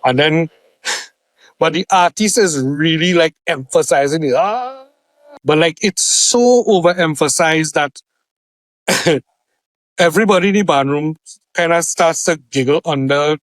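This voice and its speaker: A man's voice: fairly high pitch, unhurried, pauses often, no echo. A man, co-hosting a casual podcast and telling a story with acted-out voices and frequent laughter. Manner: animated storyteller, acts out voices, laughs often. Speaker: podcast co-host.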